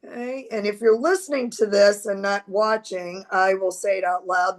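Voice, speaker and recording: An older woman giving a casual astrology talk to camera, reassuring and deliberate, sometimes dropping to a whisper. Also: mid-range voice, fairly even intonation. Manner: reassuring, slow and deliberate, drops to a whisper at times. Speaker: astrology teacher.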